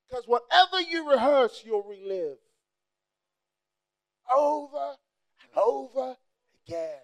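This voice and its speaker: Impassioned male preacher with a very high, gravelly voice; sermon delivery, sudden shouts. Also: lively intonation, takes it slowly, pauses often. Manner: impassioned, bursts into shouts, mimics people.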